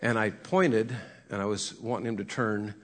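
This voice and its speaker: A man's voice: lowish voice, moderate pace. A middle-aged man, a horse trainer and cowboy preacher, telling folksy stories about horses and acting out what they think. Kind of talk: folksy storytelling with a sermon message.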